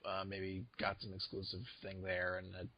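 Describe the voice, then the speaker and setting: A man's voice: low-pitched, completely flat delivery, normal speed, no echo, muffled recording. A man co-hosting a podcast in casual chat, joking and swearing, now and then slipping into silly put-on accents. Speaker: podcast co-host.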